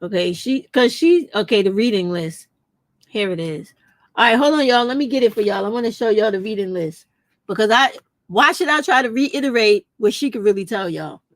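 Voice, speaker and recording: A woman's voice: mid-range voice, animated, a little fast, no echo. A woman vlogger in casual chat, talking straight to her viewers and calling them y'all. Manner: chatty, addresses viewers as y'all. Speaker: vlogger reacting to a video.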